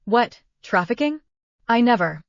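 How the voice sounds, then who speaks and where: A woman's voice: fairly high pitch, very animated, a little slow, voice pushed up. A distraught, stammering woman pleading her innocence as her scheme falls apart, as a woman narrator puts her on. The sound is dull and muffled, and the room is dry with no echo. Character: tearful scheming adult woman caught out.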